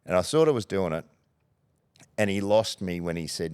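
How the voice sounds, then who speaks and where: A middle-aged Australian man, a former football coach, telling lively anecdotes on a podcast and acting out the voices he quotes. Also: low-pitched, brisk, long pauses, clean tone, no room sound. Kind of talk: podcast storytelling.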